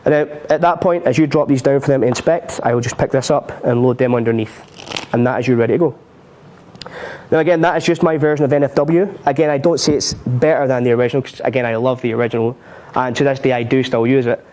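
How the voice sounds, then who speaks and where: Man, magic tutorial on a live stream, chatty, jokes at his own expense, laughs a lot, ordinary middle pitch. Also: fairly even intonation, fast talker, darkish tone. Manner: chatty and self-mocking, laughs often. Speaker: magic instructor.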